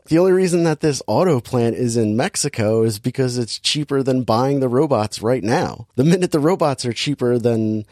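A man's voice: medium pitch, lively intonation, moderate pace, few pauses, darkish tone, no echo. Man rambling through a movie recap. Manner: rambling, jokey, acts out the scenes. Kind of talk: casual movie review chat.

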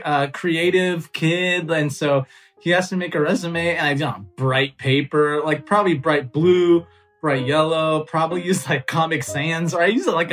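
A man telling a personal story as a comedian guest on a podcast, animated and self-mocking, laughing often and loose with fillers. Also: a little high.

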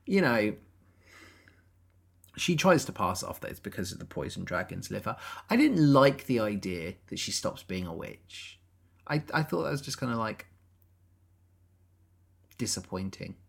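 A woman's voice: rumbling low, very animated, a little slow, creaky, pauses often, slightly rough. A woman co-hosting a podcast, chatting casually about a film with sarcastic asides. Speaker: podcast co-host.

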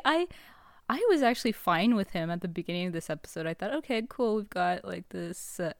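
A woman's voice: fairly low pitch, no echo, clean studio sound. A woman co-hosting a podcast, reacting in a giggly, chatty way. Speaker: podcast co-host. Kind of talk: casual chat.

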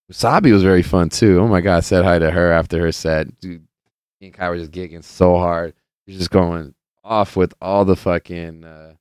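Young male podcast host, very low and smooth voice, loose and profane, rambling storyteller. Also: dry recording, studio quality. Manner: rambling and profane, heavy on filler words; loose storyteller who plays out the people in his stories. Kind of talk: casual chat.

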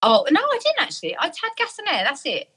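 A woman's voice: high voice, huge pitch swings, fast, a bit bright. A middle-aged woman in a casual chat, telling a story with lots of laughter and acted-out voices. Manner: chatty storyteller, laughing often, acts out voices.

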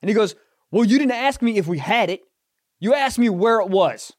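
A man on a casual podcast spins a comic rant, his pitch swinging widely as he builds to loud, indignant shouts. The sound is close and dry, with no room around him. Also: moderate pace, no room sound. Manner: animated, swearing, rising to loud indignant outbursts. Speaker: podcast host. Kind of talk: casual comedic storytelling.

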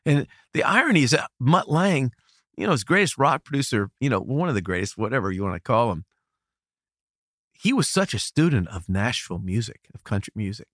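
Animated middle-aged man telling studio stories. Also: medium pitch, fairly quick, no room sound. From United States. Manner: animated, laughing storyteller with many restarts. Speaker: guest, record producer. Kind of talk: casual interview storytelling.

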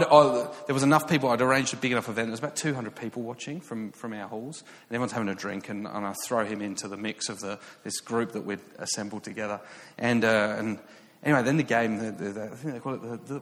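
A man's voice: medium pitch, a bit bright. An English man in his thirties tells a story from the pulpit, chatty and self-mocking, tripping over restarts and fillers. His voice carries a long reverb from a large hall. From England. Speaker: preacher. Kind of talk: sermon storytelling.

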